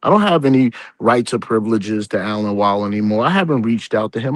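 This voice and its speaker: A man's voice: on the low side, lively intonation, brisk, few pauses, no echo. A man on a live stream, scolding another creator in a heated, repetitive rant. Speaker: accountant.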